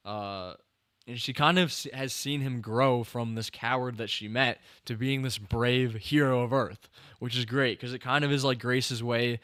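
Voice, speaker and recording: A man's voice: mid-range voice, fairly bright tone, smooth, no echo, clean studio sound. A young man hosting a podcast, chatting casually about a film, rambling with many restarts and fillers and sounding a little tired. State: tired, yawning. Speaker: podcast host. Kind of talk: casual film review chat.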